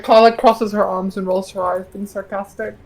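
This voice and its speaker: A woman's voice: mid-range voice, flat delivery, normal speed, creaky, music in the background. A woman playing a tabletop role-playing game, casually narrating her character's actions. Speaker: player.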